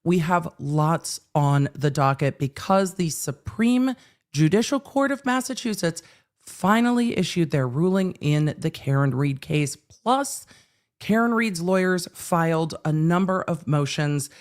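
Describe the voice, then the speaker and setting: A California woman in her forties hosts a live-stream legal commentary, her low voice hoarse because she's under the weather. She talks unhurriedly in a chatty, animated way, repeating herself for emphasis.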